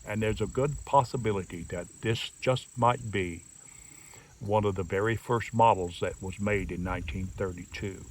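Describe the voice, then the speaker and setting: An older man with a low voice talks slowly and folksily, leaning hard on his words as he shows off an old rifle. He is recorded outdoors in the countryside, a little away from the mic. Faint crickets chirp behind him. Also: recorded from a distance, slight background noise. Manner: folksy, slow and drawn-out, emphatic. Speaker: gun reviewer. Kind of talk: casual show-and-tell review.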